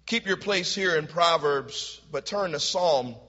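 A male pastor preaching a sermon, swinging from loud shouts to hushed, quiet lines. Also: fairly high pitch, animated, measured pace. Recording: hall reverb, dull lo-fi sound.

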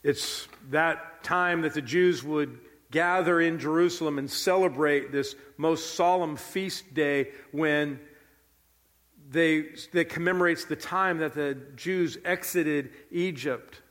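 A man preaches in an earnest, emphatic way, repeating his key lines for weight. His voice sits a little high for a man. A long reverb trails behind each phrase, as in a large hall. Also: takes it slowly, fairly bright tone. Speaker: pastor. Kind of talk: sermon.

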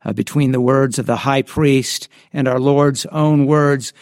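A man's voice: fairly high pitch, no echo, clean studio sound. A man preaching a sermon in an earnest way, often restarting his phrases. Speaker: pastor.

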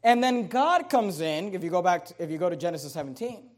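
Guy preaching a sermon, pretty high voice, leans hard on words. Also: expressive, fast. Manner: emphatic, reads scripture aloud with stress.

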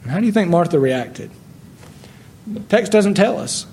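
A man preaching a sermon, expressive, acting out the words of biblical figures with rising and falling loudness. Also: sits high, moderate pace, creaky, a little hiss or hum. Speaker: pastor.

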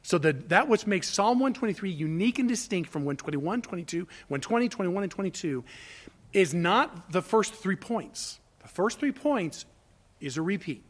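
Male pastor, high voice, impassioned sermon, loud then hushed. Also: animated, moderate pace.

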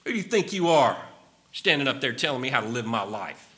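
A man preacher voicing a defiant rebel man who taunts a leader, his voice going high and loud. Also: big pitch swings, brisk. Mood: taunting.

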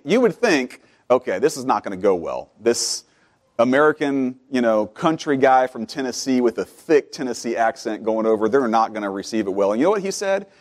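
A man preaching a sermon, starting quiet and conversational and building to loud, fervent exhortation. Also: lowish voice.

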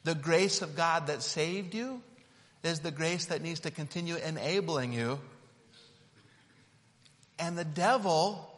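Playful preacher in an echoing hall. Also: male voice, on the high side, slow pace, pauses often, a bit bright. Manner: conversational, playful, demonstrative. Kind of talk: sermon with object lesson.

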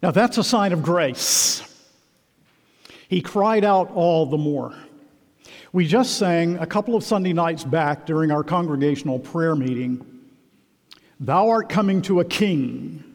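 Man, pastor, sermon, emphatic, repeats phrases, slightly high voice, long reverb. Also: measured pace.

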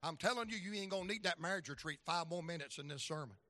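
With folksy storytelling and acted-out voices, a middle-aged man preaches as an evangelist, his volume rising and falling. His fast delivery sits on the high side, captured in a dry recording.

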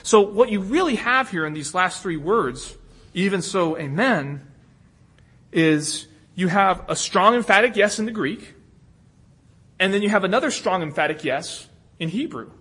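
A man's voice: sits high, lively intonation, a little slow, fairly bright tone, husky. A man preaching an expository sermon, earnest and emphatic, often repeating a word as he starts a phrase again.

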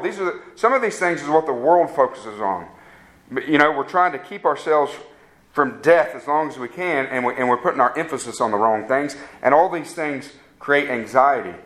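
A man's voice: mid-range voice, a bit bright. A man preaching a sermon, conversational and asking the congregation questions. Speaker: pastor.

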